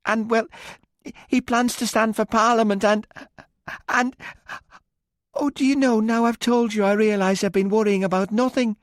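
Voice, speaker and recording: A man's voice: sits high, fairly even intonation, normal speed, pauses often, no room sound, clean studio sound, lightly acted. A man voicing an anxious, snobbish young woman in an audiobook, breathless and fluttery. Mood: fretful.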